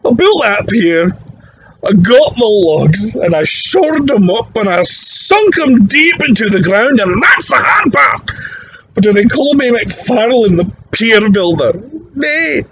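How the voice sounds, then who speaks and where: A man playing a bitter, boastful old drunk in a pub, with a loud, aggrieved, high-pitched delivery. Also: very animated, takes it slowly, husky, exaggerated voice, low-quality recording. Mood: aggrieved boasting.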